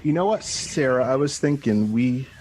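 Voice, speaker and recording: A man's voice: medium pitch, lively intonation, moderate pace, a little mellow. Joking guy playing d&d, mid voice, noisy zoom. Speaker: player. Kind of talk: casual tabletop play. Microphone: video call. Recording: noisy video call audio.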